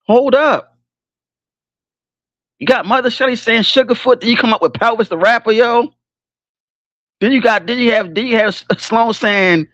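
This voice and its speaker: A man's voice: very high voice, normal speed, long pauses, no room sound, lo-fi sound. A man hosting a casual livestream, talking in slangy, rambling bursts, swearing freely and breaking off to laugh and regroup. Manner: animated, laughing, keeps stopping himself to regroup. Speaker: livestream host.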